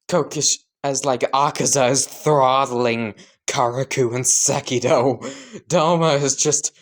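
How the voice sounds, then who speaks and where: A man casually narrating an improvised fan story, rambling and laughing to himself. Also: medium pitch.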